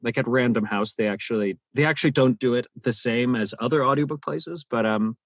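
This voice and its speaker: Guy narrator talking shop, lots of restarts, bit husky. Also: mid-range voice, brisk, dry recording. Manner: animated, many restarts and repeated words. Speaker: audiobook narrator and voice actor. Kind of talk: interview conversation.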